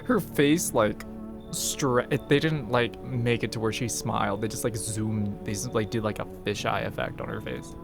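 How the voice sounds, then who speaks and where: A man's voice: on the low side, fairly even intonation, normal speed, vocal fry. A man streaming a game, joking and talking to his chat in a loose, hesitant way. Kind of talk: casual game commentary. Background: game music.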